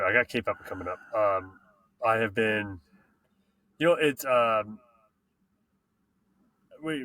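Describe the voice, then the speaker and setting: A man hosting a casual podcast, talking about racing in an excited, slangy way that swears freely. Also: mid-range voice. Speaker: podcast host and mountain bike racer.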